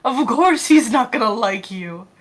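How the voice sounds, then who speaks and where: A woman's voice: fairly high pitch, animated, unhurried, faint music behind. A woman playing a tabletop game, chatting bluntly and swearing casually. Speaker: player.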